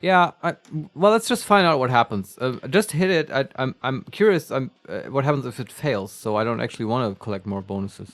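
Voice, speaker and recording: A man's voice: medium pitch, animated, fairly quick, hardly any pauses, a bit bright. A man co-hosting a let's play, chatting casually with playful, jokey asides and frequent laughter. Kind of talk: casual gaming chat.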